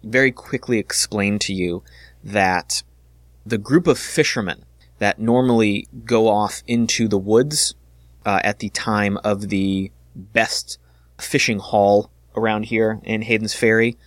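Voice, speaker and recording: A man's voice: on the low side, takes it slowly, dry recording. A man narrating a tabletop game as dungeon master, with frequent fillers. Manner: steady narration with many fillers.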